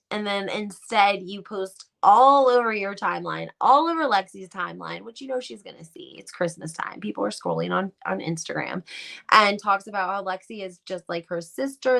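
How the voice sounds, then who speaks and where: A woman's voice: mid-range voice, creaky, a bit bright. A woman hosting a live-stream commentary on reality TV gossip, talking in an emphatic, gossipy way full of rhetorical questions.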